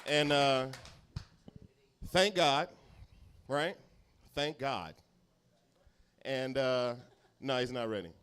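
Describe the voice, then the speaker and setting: Profane, chatty stand-up comic. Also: male voice, medium pitch, drawn-out words, long pauses, fairly bright tone, slight background noise. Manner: loose, profane banter with the crowd. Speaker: stand-up comedian. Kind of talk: stand-up crowd work. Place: small comedy club, live audience.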